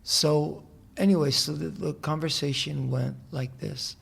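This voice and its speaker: A man talking as a guest in a casual interview in a hotel room, telling a long story in a soft-spoken, meandering way with frequent restarts. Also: on the high side, steady tone, a little slow, creaky, husky. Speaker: musician guest.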